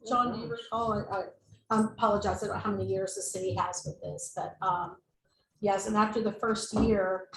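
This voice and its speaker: A staff member, a woman, presents to a board at a meeting in a brisk, steady, medium-pitched voice. Her delivery is informal, full of fillers and self-corrections, and the room mic picks up echo and faint noise.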